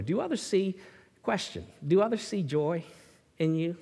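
A man preaching a sermon in an animated way, swinging from loud bursts to hushed words and often repeating himself. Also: high voice, normal speed, gravelly, husky. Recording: hall reverb.

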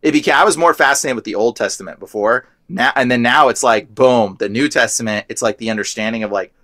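A man's voice: medium pitch, fast, fairly bright tone, no room sound. A young man telling his story as a guest in a casual chat, rambling and filling his talk with "like". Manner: rambling, heavy use of "like".

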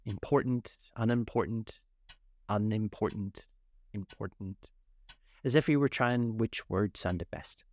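A man narrating a children's classic aloud in a measured, expressive read-aloud style. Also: fairly low pitch. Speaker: storyteller. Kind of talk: scripted narration.

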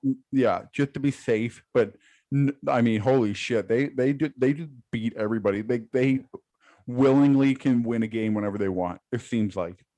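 A man's voice: medium pitch, normal speed, dark tone, dry recording. A man co-hosting a casual sports podcast, blunt and given to swearing and repeating words. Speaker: podcast co-host.

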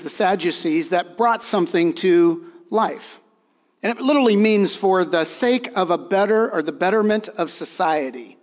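A man with a high-pitched voice preaches an earnest, emphatic sermon, repeating key phrases for weight. His voice rings with the long reverb of a church hall. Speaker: pastor.

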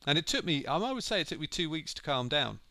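A man co-hosting a podcast, talking in a halting, reflective way that often trails off. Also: on the high side, big pitch swings, sharp tone, no echo. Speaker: podcast co-host. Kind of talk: casual chat.

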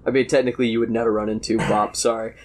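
A man's voice: fairly low pitch, flat delivery, racing. A young man narrating as game master at a tabletop game, casual and joking, swearing freely.

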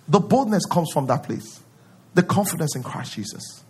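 A male pastor preaching a sermon, acting out prayers in a pleading voice and rising to loud declarations. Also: on the high side, animated, moderate pace, husky.

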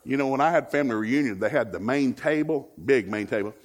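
A man preaching a lively, joking sermon as a guest speaker, with a husky voice. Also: mid-range voice, fast talker, a little hiss or hum.

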